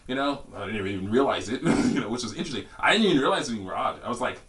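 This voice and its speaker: A man's voice: expressive, fast talker, fairly bright tone. Rambling man vlogger, far from mic. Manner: rambling, laughs often, jumps to high pitch acting out quotes. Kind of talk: casual storytelling. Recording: distant from the mic.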